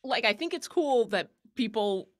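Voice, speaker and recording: Chatty woman with a lively voice. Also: a little high, normal speed. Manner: chatty, rambling, laughs often. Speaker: co-host of a painting stream. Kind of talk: casual chat while painting miniatures.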